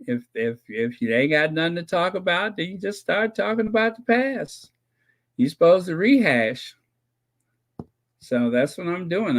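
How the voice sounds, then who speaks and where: A man hosting a casual live stream, reading viewers' comments and talking to them in a joking, sarcastic way, laughing and repeating himself often. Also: on the high side. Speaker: host of a royal commentary channel.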